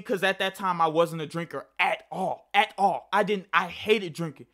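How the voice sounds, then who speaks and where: A man's voice: sits high, normal speed, hardly any pauses, sharp tone. A young man telling a casual personal story to camera, rambling and profane, often restarting his sentences. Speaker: vlogger.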